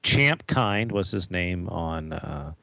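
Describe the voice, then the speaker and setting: A man's voice: low-pitched, expressive, takes it slowly, gravelly, bright, forceful tone, no room sound. A man chatting casually as a co-host, teasing and making wry remarks. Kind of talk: casual chat.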